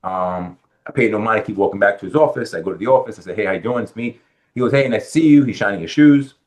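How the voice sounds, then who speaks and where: A fast talker with a voice on the low side, this middle-aged man from the Bronx, New York, is a real estate lender guesting on a podcast. He tells his story with animation, acting out what people said to him.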